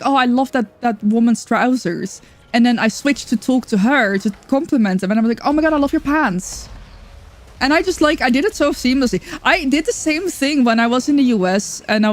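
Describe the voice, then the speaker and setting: A woman streaming a game in casual chat, chatty, excitable and self-mocking. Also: on the high side.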